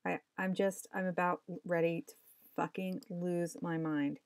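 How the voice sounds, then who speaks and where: A woman's voice: lowish voice, little pitch movement, unhurried, clear, resonant tone, no room sound. Frustrated woman muttering while drawing. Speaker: comic artist streaming her drawing. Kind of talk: casual live-stream commentary. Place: home workspace.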